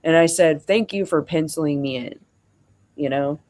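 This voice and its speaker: In a medium-pitched, slightly mellow voice at normal speed, a streamer tells a rambling, casual story to vent. Both sides of the conversation get acted out, broken up by frequent fillers.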